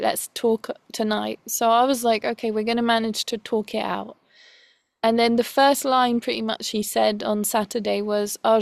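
A woman's voice: a little high, creaky, no room sound. Chatty woman telling a personal story. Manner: rambling, quotes others, mixes in French. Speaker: person recounting a breakup.

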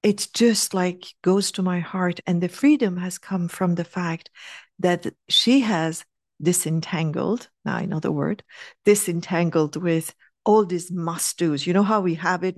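A middle-aged woman telling a heartfelt personal story, earnest and animated, sometimes dropping to a soft hush. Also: fairly low pitch, measured pace, dry recording, clean studio sound. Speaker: speaker sharing a personal story.

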